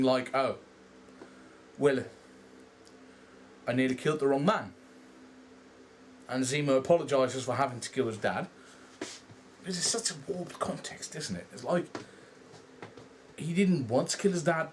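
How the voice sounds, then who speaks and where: A young man with a Dutch accent, rambling through a casual, animated movie review and swearing freely. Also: mid-range voice, a little hiss or hum. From Netherlands. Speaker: vlogger.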